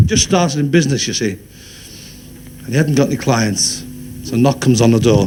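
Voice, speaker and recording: A man's voice: on the high side, noisy background. A man telling jokes on stage in a chatty way, laughing at his own punchlines. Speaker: stand-up comedian. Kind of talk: stand-up joke telling.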